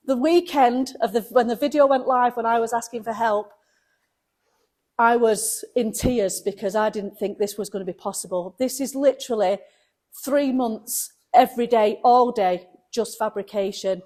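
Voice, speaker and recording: Lady vlogger talking to camera, bit high voice, gets emotional, laughs a lot. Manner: warm, emotional, laughs often. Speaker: vlogger leading a car restoration. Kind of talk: casual chat to camera.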